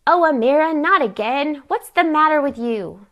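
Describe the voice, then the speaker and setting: A woman's voice: mid-range voice, completely flat delivery, normal speed, highs cut off, natural voice. A woman reading her story aloud, voicing a stern aunt who scolds her niece. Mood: scolding. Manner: sharp, scolding, raised voice. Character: stern strict aunt, middle-aged woman, scolding healer.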